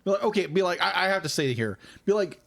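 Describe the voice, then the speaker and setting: A young man co-hosting a casual movie review podcast, excitable and quick with interjections. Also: high voice, vocal fry. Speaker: podcast co-host.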